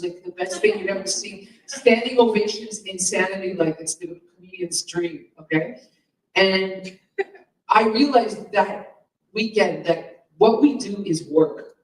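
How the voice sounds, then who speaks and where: A woman's voice: medium pitch, measured pace. A woman who founded a comedians' association, giving a rambling, chatty speech at a union meeting with asides and little laughs. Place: meeting hall in a comedy club. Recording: roomy and from far off.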